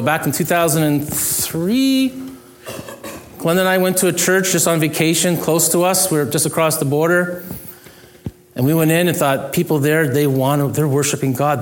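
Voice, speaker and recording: Middle-aged male pastor, slightly higher pitch; earnest conversational sermon with self-deprecating jokes. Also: a little hiss or hum.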